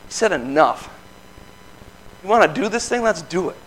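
A man in his thirties shares a personal testimony like a casual sermon. He talks in a folksy, earnest way and breaks into easy laughs, with his voice sitting a little higher than most men's. A faint hum runs under the recording. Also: expressive, normal speed, fairly bright tone, rough recording. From Michigan. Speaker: lay speaker giving testimony.

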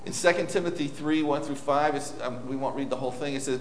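A man's voice: medium pitch, fast, few pauses, a little hiss or hum. Man preaching in a reverberant hall. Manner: informal, anecdotal, with many restarts. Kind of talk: conversational sermon. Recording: echoey hall with long reverb.

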